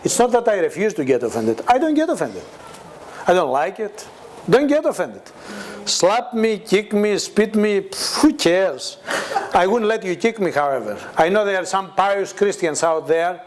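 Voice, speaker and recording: A man whose voice sits high speaks at a moderate pace over slight background noise. He's a guest preacher at a church meeting, telling animated testimony stories in a conversational sermon, laughing often and mimicking the voices of those he quotes while the congregation responds.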